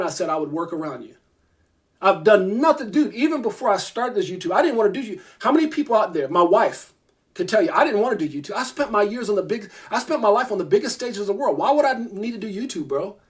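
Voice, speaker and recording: A man's voice: sits high, lively intonation. A man, a crypto YouTuber, ranting to camera, irritated, emphatic and repetitive. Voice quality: fast, emphatic, repeats himself. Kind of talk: heated rant to camera.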